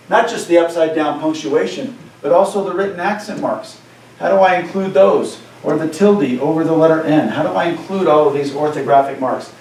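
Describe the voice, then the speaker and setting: This Spanish teacher has a mid-range voice with a darkish tone. He lectures in a conversational manner, regularly checking in with "right?", and the class is recorded for cameras from far off in an echoey classroom.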